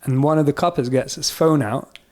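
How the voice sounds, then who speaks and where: Man telling a lively story, Scottish-English accent. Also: fairly high pitch, brisk. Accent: mixed Scottish and English. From Scotland. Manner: animated, acts out quoted voices. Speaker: podcast guest musician. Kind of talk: casual storytelling.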